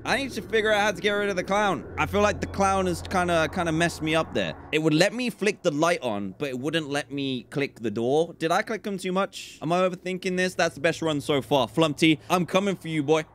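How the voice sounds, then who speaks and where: A young man giving excitable commentary while playing a horror game, talking to the game's characters and jumping high in pitch when startled. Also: brisk, hardly any pauses, slight background noise. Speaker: gaming YouTuber.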